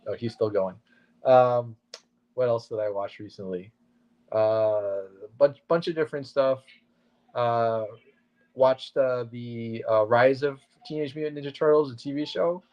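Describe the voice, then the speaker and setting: A man's voice: mid-range voice, unhurried, a little mellow. Easygoing man on a dull, lo-fi mic. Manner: easygoing, laid-back, with many fillers. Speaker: co-host and comic vendor. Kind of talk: casual chat.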